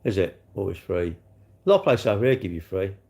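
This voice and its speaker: A man's voice: low-pitched, animated, brisk, vocal fry, a little mellow, slight background noise. A man chatting casually on a live stream, answering his viewers in a rambling, sarcastic way with lots of tag questions.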